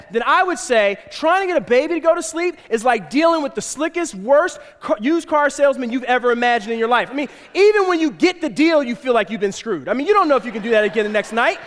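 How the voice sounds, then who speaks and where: A pastor with a very high, slightly bright voice preaches a sermon in a church auditorium, where a long reverb tail follows his words. He tells a personal family story, acting out the voices of his kids and his wife.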